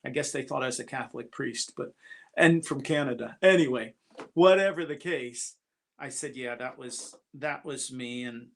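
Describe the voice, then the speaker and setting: A man's voice: a little high, fairly bright tone. A man speaking as a guest at a church, telling a personal story in an earnest, confessional way and often repeating his opening words.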